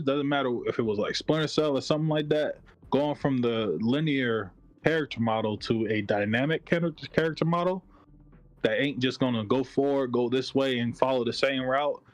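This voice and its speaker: A man in a casual gaming chat, animated and slangy, swearing freely. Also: medium pitch, normal speed, dry recording, low-quality recording. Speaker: guest.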